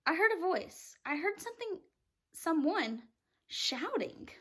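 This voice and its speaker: A woman's voice: very high-pitched, very animated, measured pace, a bit bright, pitched above the performer's own voice, full character voice. A woman voicing a young boy in a read-aloud storybook, speaking in a hesitant, questioning way. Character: young boy, thoughtful then startled.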